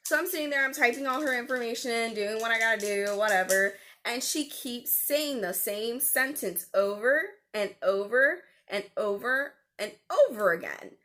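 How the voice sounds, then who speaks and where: A woman's voice: on the high side, expressive, normal speed, few pauses, sharp tone. A young woman in a storytelling vlog, talking animatedly and indignantly about a customer call from her call center job, with lots of fillers. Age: young adult. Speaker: vlogger.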